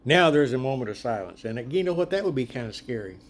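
A man leading a casual group Bible study, chatty and animated, laughing often as he retells the story. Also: mid-range voice, fast talker, slight background noise.

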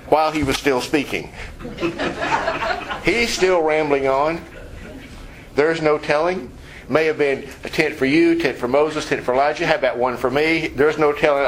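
A man's voice: slight background noise, poor audio. Conversational man preaching a sermon. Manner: conversational preaching, rhetorical questions, dropping low and quiet for emphasis. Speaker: pastor.

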